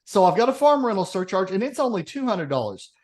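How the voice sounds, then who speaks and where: A man's voice: high-pitched, fast. A man, co-hosting a podcast, telling a long joke and acting out its characters. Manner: animated storyteller, acts out characters. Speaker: podcast co-host. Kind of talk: casual chat, telling a joke.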